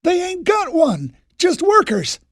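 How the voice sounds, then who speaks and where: Man doing a gruff old lookout, shouting. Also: extremely high pitch, huge pitch swings, slow, no room sound, studio quality, voice pushed up, heavily acted. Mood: urgent. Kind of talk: audiobook character voice.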